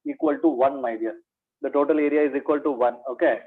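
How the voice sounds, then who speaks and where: A man's voice: medium pitch, fast talker, phone-quality sound. A man teaching an exam revision lecture in maths, repeating key points, asking rhetorical questions and calling his students "my dear".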